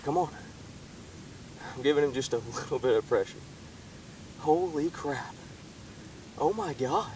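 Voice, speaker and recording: Excitable man by a pond, lively pitch. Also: a little slow, pauses often, far from the mic, slight background noise, low-quality recording. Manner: excitable, repeated exclamations, talks to the fish. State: shaky and keyed up. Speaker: fishing vlogger. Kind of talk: excited outdoor vlog commentary. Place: outdoors by a small pond. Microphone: camera set up nearby.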